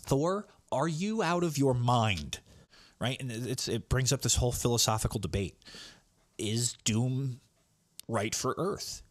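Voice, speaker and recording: A man's voice: medium pitch, expressive, unhurried, no room sound. A man hosting a comics podcast, recapping issues in a rambling, casual way. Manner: rambling, with restarts and fillers.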